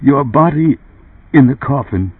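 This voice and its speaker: A man's voice: mid-range voice, lively intonation, unhurried, husky, no echo, pitched above the performer's own voice. A man reading an audiobook, voicing a tense, suspicious man who presses his boss with accusing questions. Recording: dry, tinny phone-like sound.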